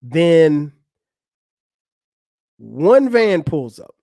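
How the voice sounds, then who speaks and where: A podcast host delivers a storytelling monologue, recounting a funny story in a casual, profane way. His voice is a little high and very slow, and he animatedly acts out other people's lines. No room sound.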